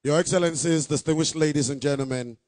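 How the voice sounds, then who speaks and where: A man hosting a ceremony as emcee, loud and jovial, calling on the audience. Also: on the high side, quick pace, dry recording, clean studio sound. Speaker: master of ceremonies.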